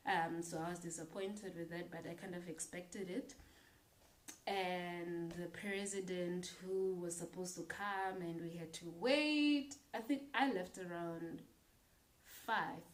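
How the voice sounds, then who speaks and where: A woman's voice: fairly low pitch, slow pace, roomy sound, rough recording. A young South African woman with a South African accent, speaking bluntly and with passion in a casual opinion vlog, swearing freely. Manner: blunt, profane, impassioned. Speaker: vlogger.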